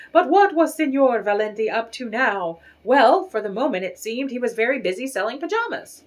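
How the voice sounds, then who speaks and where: Expressive woman reading a storybook. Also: fairly high pitch, moderate pace, hardly any pauses. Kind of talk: reading a children's picture book aloud.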